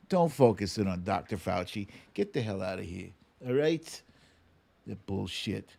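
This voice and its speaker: Animated ranting male livestream host. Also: a little high. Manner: ranting, profane, sarcastic. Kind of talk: livestream political commentary.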